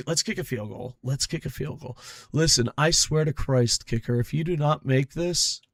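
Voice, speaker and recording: A man's voice: a little high, fairly bright tone, dry recording, clean studio sound. A man streaming a football game, chatting casually with lots of swearing and grumbling about his stream tech. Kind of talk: casual gameplay chat.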